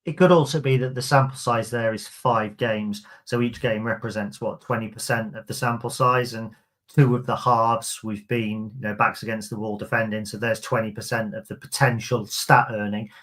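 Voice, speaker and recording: A man hosts a relaxed fan podcast. He talks in a chatty, easygoing way and reads listener comments aloud between stories. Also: fairly low pitch, normal speed. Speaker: podcast host. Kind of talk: casual fan podcast chat.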